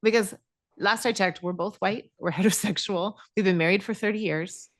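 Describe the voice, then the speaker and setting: A woman's voice: mid-range voice, a little fast. A middle-aged woman co-hosting a podcast, talking casually about politics with many fillers and restarts. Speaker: podcast co-host.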